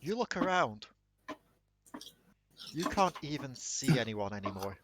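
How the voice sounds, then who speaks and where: A man narrating a tabletop game as dungeon master, slow and dramatic. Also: medium pitch, sing-song, heavy background noise.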